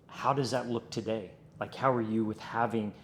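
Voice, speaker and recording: Male host, lowish voice, reflective questioning, slight background noise. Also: fairly even intonation, moderate pace. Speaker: podcast host. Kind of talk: conversational interview.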